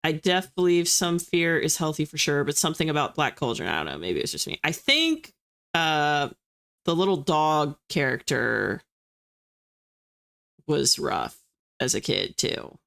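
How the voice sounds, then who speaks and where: This young East Coast woman hosts a livestream, reading viewer comments in a casual, self-deprecating chat. Her low, creaky voice swings hugely in pitch, a bit bright and a little slow.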